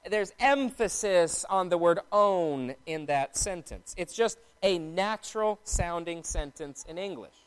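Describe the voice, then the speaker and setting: A man preaching a sermon in a measured, explanatory teaching tone. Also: high voice, expressive, smooth.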